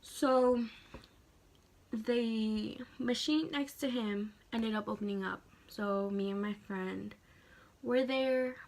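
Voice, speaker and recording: A young woman in her late teens telling a personal story in a chatty, emotional way, full of "like.". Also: mid-range voice. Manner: chatty, heavy use of "like"; emotional, animated retelling. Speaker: vlogger. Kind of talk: casual story time.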